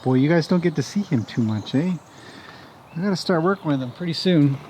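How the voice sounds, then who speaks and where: A chatty man with a slightly raised pitch, vlogging as he walks round a rural farm. He talks easily to the camera and fondly to the animals. Faint outdoor noise sits behind him. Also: animated, a little fast, a little mellow. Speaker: horse trainer vlogger. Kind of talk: casual walk-and-talk vlog.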